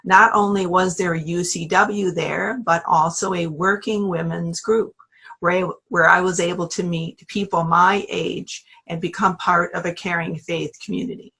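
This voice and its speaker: A woman from Michigan, a church member, giving a calm, measured personal testimony. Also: lowish voice, vocal fry, breathy edge. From Michigan, USA.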